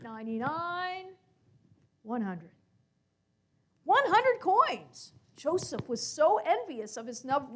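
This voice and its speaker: Storyteller: high, very lively woman acting out her tale for a congregation. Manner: animated, acts out characters, asks listeners questions. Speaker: storyteller at a synagogue service.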